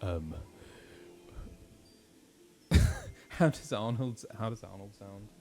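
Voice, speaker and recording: A man's voice: lowish voice, slow, mellow. A British man, a voice actor, chatting casually and self-deprecatingly while streaming a game. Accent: British English. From Britain. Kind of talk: casual gameplay chat.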